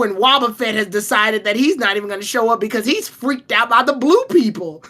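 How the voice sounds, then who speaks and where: A woman co-hosting a casual podcast, telling stories in an animated, profane way. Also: a little high, normal speed, hardly any pauses. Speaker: podcast co-host.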